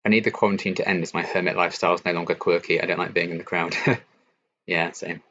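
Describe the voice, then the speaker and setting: A young man from England hosting a casual late-night live-stream Q&A, answering chat in a relaxed, chatty way with lots of ums and likes. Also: deep voice, fast, a little hiss or hum. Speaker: YouTube reaction channel host. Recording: slightly dull lo-fi stream audio.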